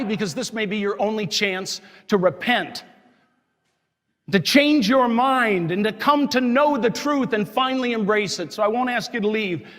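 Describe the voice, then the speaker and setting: High-voiced priest preaching with fiery indignation. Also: male voice, a bit bright. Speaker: diocesan priest. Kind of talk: sermon. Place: church. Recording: long church reverb.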